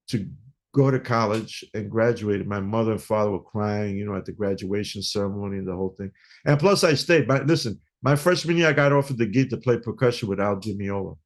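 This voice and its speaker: Lively New man telling stories. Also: fairly low pitch, brisk. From New York. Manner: animated storyteller who acts out dialogue. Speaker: guest musician. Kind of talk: storytelling interview.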